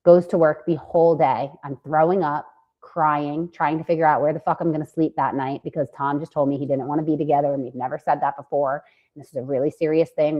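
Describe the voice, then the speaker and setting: A woman co-hosting a podcast and telling a story in a casual, animated way, swearing freely. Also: low voice, lo-fi sound. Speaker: podcast co-host.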